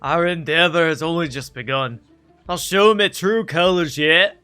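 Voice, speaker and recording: A man's voice: a little high, measured pace, bright, forceful tone, clear, resonant tone, faint music behind. A man voicing a vain, pompous male pirate captain with a put-on Scottish accent and grandiose, theatrical speech. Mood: boastful. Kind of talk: voicing game dialogue on a stream.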